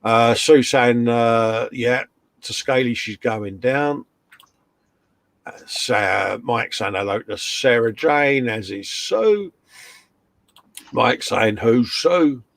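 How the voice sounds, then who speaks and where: A man's voice: mid-range voice, slow pace, creaky, no room sound. A man with a British accent co-hosting a casual live stream, reading out viewer comments and trading slangy jokes from a home workshop. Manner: jokey banter with slang.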